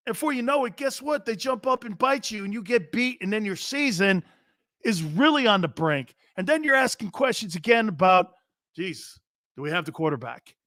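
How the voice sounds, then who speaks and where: A man's voice: high voice, expressive, normal speed, a bit bright, no echo, clean studio sound. A middle-aged man hosting a sports talk show, blunt and profane, joking with his chat. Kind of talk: loud, brash sports talk.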